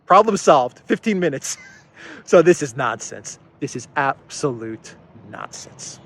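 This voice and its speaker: A man's voice: on the high side, very animated, unhurried. Sarcastic man giving political commentary. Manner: sarcastic, laughs often, acts out mock impressions. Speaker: host.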